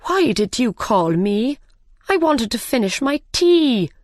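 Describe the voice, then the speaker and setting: A jittery storybook hatter, raised in pitch and pleading, fretting with every answer. A woman reads him out close up in a dry room. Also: very animated, slow, no room sound. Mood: fretful. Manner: anxious, pleading. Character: nervous male hatter, frightened and pleading.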